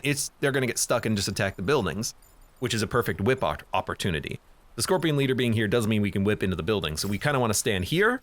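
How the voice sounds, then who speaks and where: A man's voice: medium pitch, a bit bright, no room sound. A man streaming a strategy game, thinking aloud as he plans each move and often correcting himself. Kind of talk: live game commentary.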